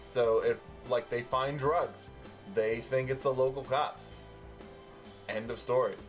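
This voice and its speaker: A man co-hosting a casual movie review podcast, relaxed and full of fillers, swearing freely. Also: medium pitch, takes it slowly, soft background music. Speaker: podcast co-host.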